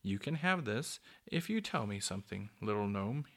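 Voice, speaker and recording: A man's voice: lowish voice, sing-song, normal speed, gravelly, a bit bright, heavily acted. A man voicing a bold, easily cross young boy in a storybook reading, close to his own voice. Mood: plain. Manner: plain, slightly gloomy delivery.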